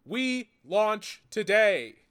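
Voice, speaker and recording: A man doing a whiny, overhyped rock-star pitchman. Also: big pitch swings, drawn-out words, fairly bright tone, clean tone, exaggerated voice. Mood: mocking, grandiose. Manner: exaggerated, nasal, sing-song mockery. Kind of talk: mocking impression in casual chat.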